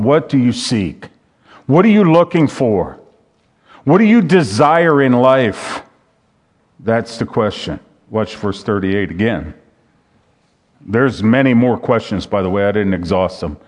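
A man preaching a sermon who reads scripture aloud and then repeats its questions back to the listeners. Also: mid-range voice.

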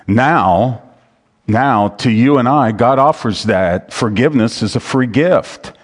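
A man's voice: mid-range voice, takes it slowly. A man preaching a sermon as pastor. He talks in a conversational way, reads scripture aloud and repeats his key phrases. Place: church sanctuary. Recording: long hall reverb.

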